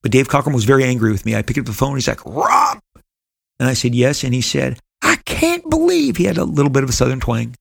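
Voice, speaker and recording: Gravelly middle-aged man telling stories. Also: medium pitch, dry recording. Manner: earnest, rambling, with frequent restarts. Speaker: comic book creator and host. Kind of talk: personal storytelling monologue.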